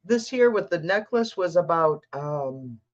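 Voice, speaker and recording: A woman's voice: on the low side, expressive, unhurried, muffled recording. An older woman hosting a tarot livestream, chatting casually, reading out viewer comments and talking to her cat.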